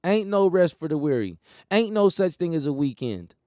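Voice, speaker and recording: A man's voice: a little high, big pitch swings, moderate pace, dark tone, dry recording, studio quality. Emphatic man riffing on talk radio. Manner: rambling, emphatic, repeats phrases, laughs at his own jokes. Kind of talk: casual monologue.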